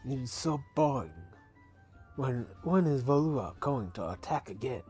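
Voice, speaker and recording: A man's voice: medium pitch, expressive, unhurried, darkish tone, husky, soft background music. A man reading a bored cannon gunner. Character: bored young male gunner, restless.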